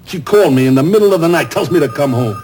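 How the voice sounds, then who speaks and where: An actor playing a middle-aged theatrical agent, loud, sardonic and self-pitying, in a 1970s TV drama. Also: male voice, on the high side, expressive, very fast, natural voice. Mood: regretful. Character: loud, bitter, wisecracking male theatrical agent. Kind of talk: 1970s television drama acting.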